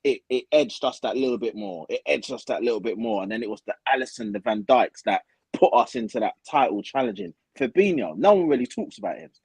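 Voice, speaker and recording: A man talks football in a casual chat, his voice husky and lively as it rises and falls. He is opinionated and argues his case with energy. The sound is dry and close. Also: mid-range voice, a little fast, hardly any pauses, dry recording. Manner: animated, opinionated, sometimes teasing. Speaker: football podcast co-host.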